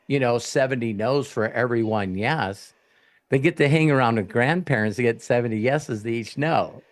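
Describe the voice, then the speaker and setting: A man coaching in a live Q&A, telling stories in a blunt, profane, animated way. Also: medium pitch.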